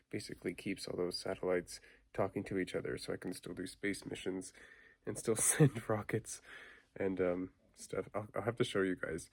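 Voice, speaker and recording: A man's voice: on the low side, gravelly, no room sound. A man vlogging late at night, talking in a loose, rambling and reflective way, full of fillers and restarts. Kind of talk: late-night casual talk.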